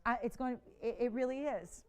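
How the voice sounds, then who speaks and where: A middle-aged woman hosting a live jewelry shopping show, giving an effusive, persuasive sales pitch that swings between soft confiding asides and loud excited bursts. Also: normal speed, clean tone. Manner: effusive and persuasive, repeats herself for emphasis. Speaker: shopping channel jewelry host.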